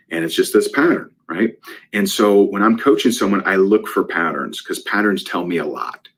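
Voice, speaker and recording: Man, business coach, conversational storytelling, low voice, slightly husky. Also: lively intonation, moderate pace, fairly bright tone. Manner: conversational, frequent "right?" and "and so". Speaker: guest speaker, business coach.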